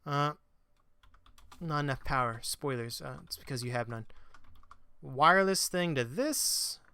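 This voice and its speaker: A man's voice: a little high, lively intonation, measured pace, bright, forceful tone, smooth. A man giving casual commentary as he plays a video game, chatty and self-mocking, flaring into mock-exasperated rants. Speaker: let's play gamer.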